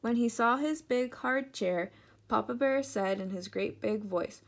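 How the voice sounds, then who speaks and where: A woman teacher giving an interactive children's read-aloud, speaking directly and warmly to the kids. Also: a little high, unhurried.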